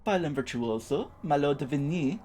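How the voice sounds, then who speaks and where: A man's voice: a little high, lively intonation, normal speed, a little mellow, slight background noise. A young man streaming a game, giving playful, chatty commentary with silly sound words. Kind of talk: gameplay commentary.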